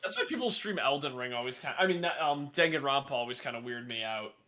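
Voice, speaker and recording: A man co-hosting a podcast in casual chat, laughing often and sounding relaxed and a bit worn out. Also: mid-range voice, quick pace. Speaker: podcast co-host.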